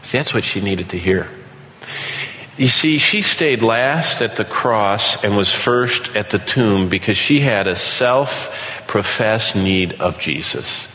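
A man preaching an earnest sermon, slowing down to read scripture aloud. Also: fairly low pitch, expressive, bright, forceful tone. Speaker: pastor. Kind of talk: sermon teaching. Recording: echoey hall with light background noise.

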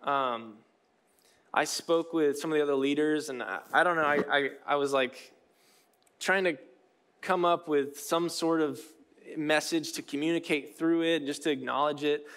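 A man's voice: on the high side, fairly even intonation, moderate pace, a bit bright, smooth. A man in his thirties preaching a sermon in a conversational, self-deprecating way, with many fillers and restarts. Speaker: pastor.

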